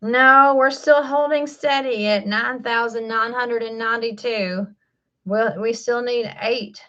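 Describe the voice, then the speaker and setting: A woman's voice: a little high, fairly even intonation, unhurried, pushed and bright, muffled recording. A woman in her forties from the American South, with a Southern drawl, chatting casually and rambling on a livestream. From Southern United States. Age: 40s. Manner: rambling, many fillers and restarts. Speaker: livestream host. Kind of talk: casual live-stream chat.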